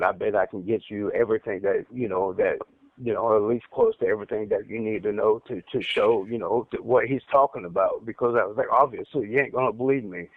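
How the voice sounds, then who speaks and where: An inmate with a mid-range voice tells his story on a recorded call, the tinny prison line carrying no echo. He stutters and rambles, repeating words and getting heated as he recounts what happened.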